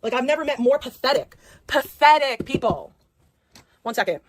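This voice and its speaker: A woman's voice: high-pitched, sing-song, moderate pace. A woman livestreaming an angry rant, profane and repeating herself.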